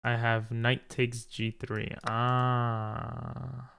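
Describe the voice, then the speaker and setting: A man's voice: medium pitch, completely flat delivery, drawn-out words, vocal fry, a bit bright, clean tone. A tired, frustrated man commentating his own chess game, thinking aloud and talking to viewers. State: tired from little sleep. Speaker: chess streamer.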